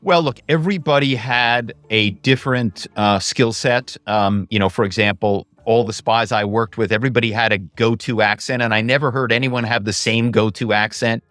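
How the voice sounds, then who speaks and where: A man talking casually as a guest in an interview, telling stories in an animated way and often adding "you know" and "right". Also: mid-range voice, moderate pace, few pauses, no room sound. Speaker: guest, former actor and social engineer.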